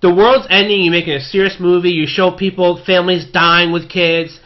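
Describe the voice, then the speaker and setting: A man's voice: high-pitched, level tone, fairly quick. A man co-hosting a movie review podcast, ranting with exasperation and plenty of swearing. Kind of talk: casual movie review chat. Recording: dull lo-fi podcast audio.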